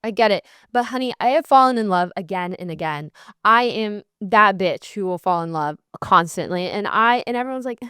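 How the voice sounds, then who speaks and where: A woman's voice: mid-range voice, lively intonation, moderate pace, fairly bright tone, clean tone, no echo, studio quality. A young woman hosting a podcast, giving candid breakup advice in a blunt, sassy and heavily profane way. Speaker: podcast host.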